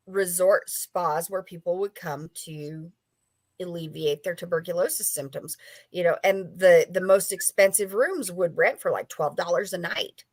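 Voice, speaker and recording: A woman's voice: fairly low pitch, dry recording. Chatty woman guest, dry sound. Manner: rambling, filler-heavy, chatty. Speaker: author and paranormal investigator guest. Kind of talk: casual storytelling interview.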